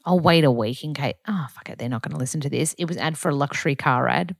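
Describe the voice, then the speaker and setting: A woman's voice: low-pitched, fast talker, gravelly, no room sound, studio quality. A young Australian woman, a yoga teacher, chatting through a casual diary podcast in an upbeat, rambling way with lots of fillers.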